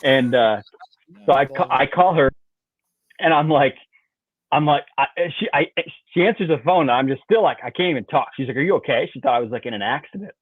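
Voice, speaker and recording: A man, a podcast guest, telling a story in an animated, rambling way, filling with "like" and "you know" and mimicking sounds. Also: a little high, a little fast, slightly rough, no room sound. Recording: tinny dry phone-like line.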